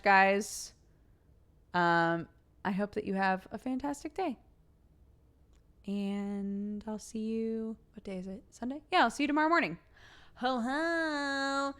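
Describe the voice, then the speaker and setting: A woman's voice: mid-range voice, measured pace, long pauses, fairly bright tone. A woman streamer with a sore throat, chatting casually with her audience, giggly and swearing freely.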